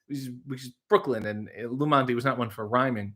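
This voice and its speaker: A man's voice: medium pitch, fairly quick, few pauses, a bit bright. A man hosting a casual livestream, reading chat messages and making wry jokes. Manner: wry, joking asides to the chat. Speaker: livestream host.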